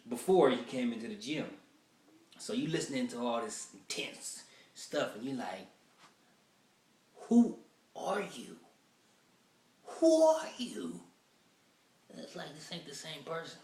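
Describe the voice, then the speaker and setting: Casting: male comic, mid-pitched, rough-draft stand-up, heard off-mic in an echoey room. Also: fairly quick, recorded from a distance. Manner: loose, rambling, acts out quoted voices. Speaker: stand-up comedian.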